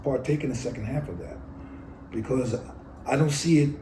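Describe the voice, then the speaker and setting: A man's voice: mid-range voice, moderate pace, warm tone, roomy sound, slight background noise, rough recording. A man, telling his life story bluntly and profanely in an oral history interview. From New York City.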